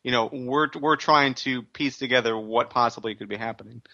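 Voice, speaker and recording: A man on a casual podcast, giving measured, hedged opinions. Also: mid-range voice, sharp tone. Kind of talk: casual chat. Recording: dull lo-fi mic.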